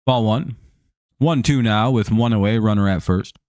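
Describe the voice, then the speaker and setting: A man's voice: on the low side, moderate pace, darkish tone, no room sound. A man hosting a live stream, chatting casually over a baseball game, laid-back and joking, with casual swearing.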